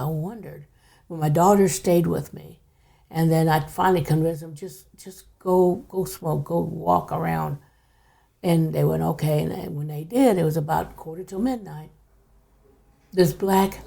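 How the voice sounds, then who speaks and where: A woman's voice: low voice, measured pace, vocal fry. An older woman, a podcast guest, telling a personal story in a casual way, often dropping to a near whisper. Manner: hushed, drops to near whisper at times.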